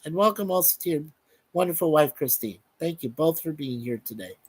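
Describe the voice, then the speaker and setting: A man's voice: a little high, expressive, fairly quick, breathy edge, no room sound. A man hosting a casual live stream, reading out viewer comments in a chatty, upbeat way. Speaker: show host.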